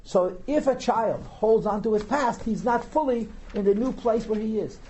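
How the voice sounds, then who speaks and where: A man's voice: high-pitched, moderate pace, mellow, a little hiss or hum, low-quality recording. A man teaching a text class as a rabbi, translating line by line and asking rhetorical questions. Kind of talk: lecture on Torah text, reading and translating.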